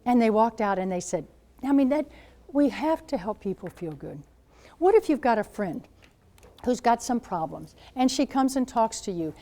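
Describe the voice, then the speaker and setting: A woman in her seventies, a Catholic nun speaking to high school students as a guest speaker, telling stories in an animated way and acting out what people said. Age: 70s. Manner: animated storyteller, acts out quoted voices. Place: school gathering room.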